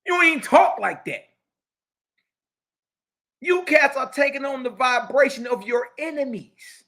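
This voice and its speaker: Mocking high-voiced man lecturing. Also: measured pace, long pauses. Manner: mocking, preachy, slangy and lively, reads passages aloud then riffs. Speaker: teacher. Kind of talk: animated religious lecture reading from a book.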